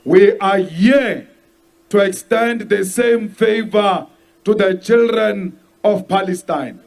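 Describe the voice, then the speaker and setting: South African man, political leader giving an emphatic rally speech, high voice, slow delivery. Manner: slow, emphatic, shouted lines.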